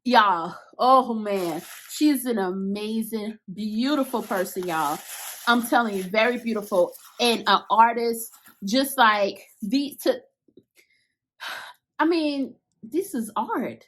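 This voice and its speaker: Gushing high-voiced woman vlogger. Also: slow pace. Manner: gushing and excitable, talks straight to viewers; casual Southern-style slang like "y'all" and "I'ma". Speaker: crochet vlogger unboxing hooks. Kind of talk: casual unboxing chat to viewers.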